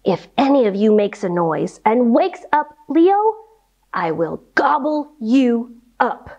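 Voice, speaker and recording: A woman voicing a proud, boastful male lion king who is a father, booming and self-important. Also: big pitch swings, takes it slowly, darkish tone, dull audio, full character voice. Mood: whispered threat.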